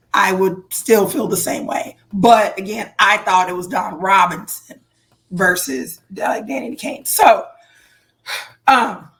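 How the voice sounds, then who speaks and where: A woman co-hosting a casual podcast chat, voice going hoarse, animated with playful exaggerated reactions. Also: mid-range voice. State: losing her voice. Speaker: podcast co-host.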